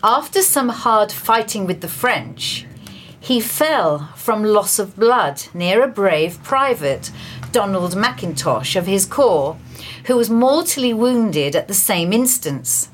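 A woman reads centuries-old news items like a storyteller. Her pitch rises and falls animatedly at an unhurried, deliberate pace. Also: sing-song, a little hiss or hum. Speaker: radio presenter reading historical news. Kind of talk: read historical news items.

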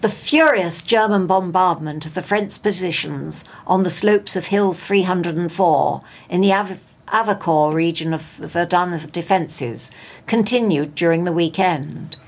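A woman presents the local news, reading in a steady, measured way. Her voice sits low with a gravelly fry and a husky edge. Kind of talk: read news bulletin.

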